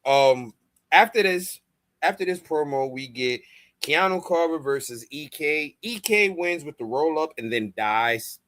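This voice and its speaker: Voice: mid-range voice, lively intonation, measured pace, a bit bright. A co-host running through a wrestling show's results in a blunt, profane, wry way. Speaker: podcast co-host running the rundown. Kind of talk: casual wrestling review chat.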